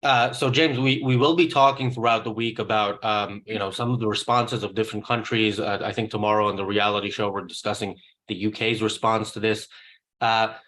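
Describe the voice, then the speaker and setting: A man hosting a political talk show, speaking in a measured and hesitant way with frequent fillers. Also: on the low side, steady tone, a bit bright. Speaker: host. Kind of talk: political discussion.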